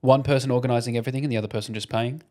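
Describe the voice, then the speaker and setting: A man co-hosting a podcast, cracking crude deadpan jokes in casual chat. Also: mid-range voice, rapid-fire. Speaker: podcast co-host.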